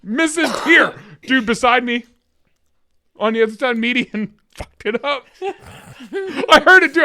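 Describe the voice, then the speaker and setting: A man's voice: very high-pitched, animated, slow, pauses often, sharp tone, dry recording, studio quality. A young man co-hosting a podcast in casual chat, telling stories animatedly and acting out what others said. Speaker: podcast co-host.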